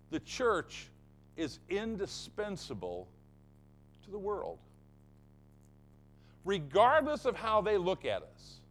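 A man's voice: high-pitched, fairly bright tone. A man preaching a sermon as pastor of his church, emphatic and fond of repeating phrases for effect.

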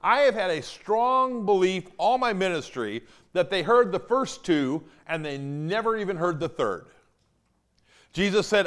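A male pastor preaching a sermon, emphatic and animated, acting out the quotes he tells. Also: high voice, a little slow.

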